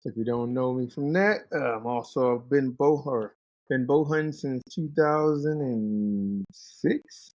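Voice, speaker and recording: A man in his thirties, a guest on a podcast, telling hunting stories casually and acting out his friends' lines in a higher voice. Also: a little slow, dry recording, rough recording. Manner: animated, acts out quoted friends in a higher voice. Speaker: guest, pro fighter and bow hunter. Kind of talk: casual storytelling.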